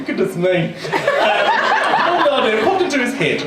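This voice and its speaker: A man's voice: high voice, huge pitch swings, normal speed. A man doing live comedy storytelling in a theatrical, camp manner with frequent giggles. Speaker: comic storyteller. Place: small live performance venue. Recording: echoey venue, far from mic, music.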